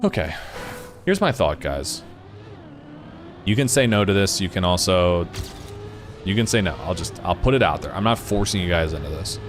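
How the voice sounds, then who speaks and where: A man rambles casually to his chat while live-streaming a racing game, with game music playing loudly behind him alongside car sounds. His voice is low and sing-song at a normal speed, with long pauses.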